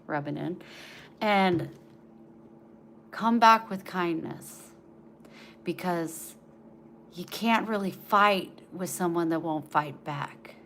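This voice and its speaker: A woman vlogger in a casual home video, talking tenderly with frequent pauses and running short of breath. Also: low voice, fairly bright tone, a little hiss or hum. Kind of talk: casual home vlog, talking to her dogs and giving heartfelt advice.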